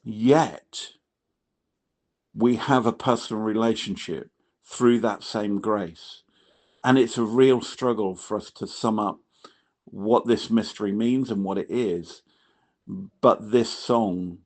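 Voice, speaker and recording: Male podcast host, reflective and reverent, slow-paced, lower voice. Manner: measured and reverent, dwells on words.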